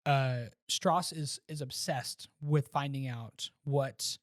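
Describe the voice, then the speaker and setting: A man co-hosting a podcast, casually reviewing a movie and retelling scenes with animated restarts. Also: medium pitch, takes it slowly, no echo, clean studio sound. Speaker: podcast co-host.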